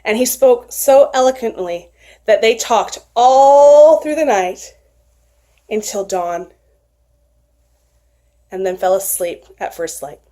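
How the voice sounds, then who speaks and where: A woman retelling a folktale aloud in an expressive, animated storytelling manner. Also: on the high side, takes it slowly, long pauses.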